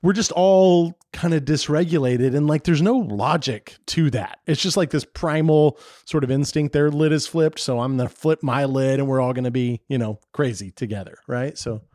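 A man's voice: medium pitch, moderate pace, few pauses, darkish tone, no echo, studio quality. A man hosting a podcast, casually summing up points and asking questions. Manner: casual, lots of fillers, summarizing and asking questions. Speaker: podcast host. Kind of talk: conversational podcast interview.

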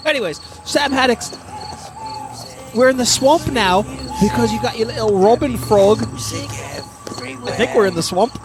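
A man's voice: very high-pitched, moderate pace, pauses often. A man doing a crude, profane impression of a male rock star, taunting someone over a music video.

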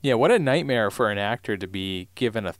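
Man, podcast co-host, casual chat, reactive, animated pitch, dry close sound. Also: brisk, no room sound. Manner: reactive, lots of short agreements.

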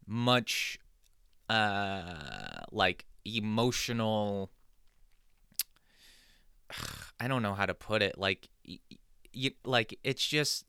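A man's voice: mid-range voice, pushed and bright, clear, resonant tone, no echo, clean studio sound. A man hosting a podcast, telling a casual comedic monologue in a rambling, digressive, self-deprecating way. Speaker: podcast host.

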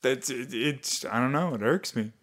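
A man chatting casually on a podcast, rambling and halting over his words. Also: medium pitch, a bit bright. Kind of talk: casual chat.

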